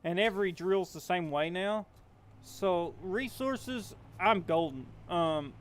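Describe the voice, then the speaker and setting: A young man hosting his gaming channel, rambling to himself as he plays and quickly getting alarmed. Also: high voice, animated, slight background noise. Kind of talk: game commentary.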